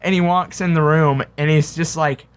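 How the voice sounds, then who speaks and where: A young man in casual chat, telling a story with lively acted-out quotes. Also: fairly high pitch, moderate pace, clear, resonant tone. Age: young adult. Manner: animated storyteller, acts out quotes.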